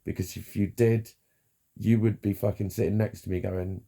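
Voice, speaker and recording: A man giving a frank, halting personal monologue, swearing freely and restarting his sentences. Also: lowish voice, animated, warm tone. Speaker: vlogger.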